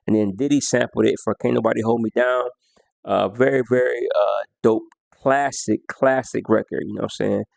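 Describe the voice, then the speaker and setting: A man's voice: medium pitch, steady tone, moderate pace, creaky, darkish tone, no room sound. A man counting down his favorite songs in a casual, slangy way, half-singing lyrics and beats as he goes. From United States. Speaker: music vlogger.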